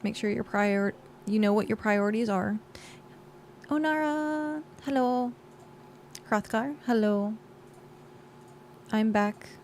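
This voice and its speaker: A woman's voice: a little high, a little mellow, slight background noise. A woman game streamer in casual, rambling livestream chat, thanking viewers and talking while she plays. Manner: chatty and rambling, with frequent fillers.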